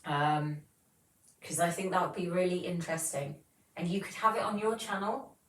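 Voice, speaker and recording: A woman's voice: fairly low pitch, moderate pace, echoey room, recorded from a distance, poor audio. A woman, hosting a casual livestream and chatting as she reads viewer comments aloud. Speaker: livestream host.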